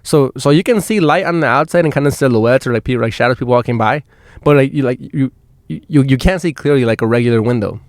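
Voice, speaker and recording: A man's voice: medium pitch, fast, dry recording, studio quality. Rambling, foul-mouthed man telling stories. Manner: rambling, swears a lot, many restarts. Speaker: podcast host. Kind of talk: casual storytelling. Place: inside a van.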